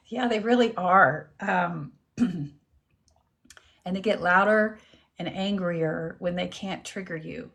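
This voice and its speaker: A woman's voice: fairly low pitch, slow pace, long pauses, fairly bright tone. A woman reverend hosting a casual live stream, greeting viewers by name and chatting while she eats lunch. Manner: talks while eating lunch. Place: at home with her dog.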